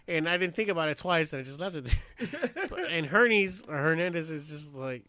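A man telling profane, laughing stories about his time as a young Marine, acting out the people he quotes in loud bursts. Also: a little high, moderate pace, clean tone, dry recording. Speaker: veteran telling war stories. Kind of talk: casual storytelling chat.

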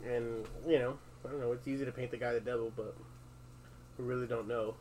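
A man talks loosely in a casual discussion at a middling pitch, circling his point with restarts and fillers. He swears now and then and keeps an easygoing conversational flow. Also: steady tone, fairly quick, background noise.

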